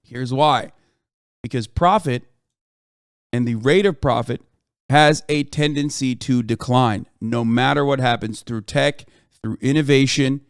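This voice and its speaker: Blunt, argumentative man with a smooth voice. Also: medium pitch, a little slow, no room sound, clean studio sound. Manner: argumentative and blunt, swears freely. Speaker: live streamer. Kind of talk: heated political commentary.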